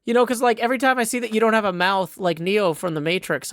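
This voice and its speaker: A man's voice: sits high, quick pace, fairly bright tone, no echo. Dry-sounding man musing through gameplay. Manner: thinks aloud, questioning himself with playful jokes. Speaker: Minecraft server player. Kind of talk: casual gameplay commentary. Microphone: desk microphone.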